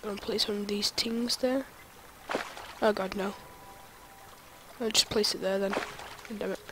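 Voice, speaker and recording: A young adult gamer giving let's play commentary, excitable and talking to themself while playing. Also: mid-range voice, unhurried, background noise. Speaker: gaming video creator.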